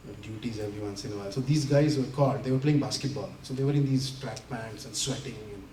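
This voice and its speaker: A man's voice: medium pitch, fast, a little hiss or hum. A man giving a talk to an audience at a community center, telling anecdotes and laughing often as he acts out the quotes. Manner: animated, laughing often while acting out quotes. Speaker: invited speaker. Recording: roomy hall from a distance, faint ambience.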